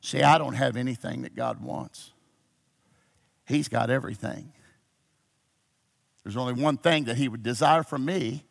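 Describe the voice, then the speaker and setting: A man preaching a sermon to a church congregation, swinging between shouted exhortation and low, intimate teaching. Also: measured pace, gravelly, pauses often.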